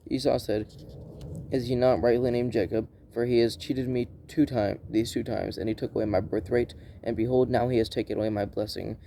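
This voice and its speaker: Gravelly dark-voiced man reading scripture. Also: medium pitch, steady tone, slight background noise. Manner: plain unhurried reading with frequent restarts and self-corrections. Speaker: Bible reader.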